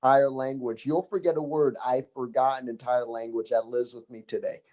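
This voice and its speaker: A man's voice: medium pitch, fairly even intonation, a little fast, a little mellow. A man who is a comedy guest on a podcast, chatting casually with dry jokes and frequent laughs. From United States. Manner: laid-back, dry jokes, laughs often.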